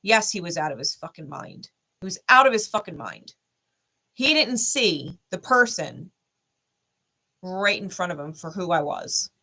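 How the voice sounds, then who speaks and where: A woman's voice: on the low side, big pitch swings, measured pace, pushed and bright. A woman, a spiritual content creator, telling a personal story in a blunt, heavily profane and emphatic way. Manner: heated, intense retelling.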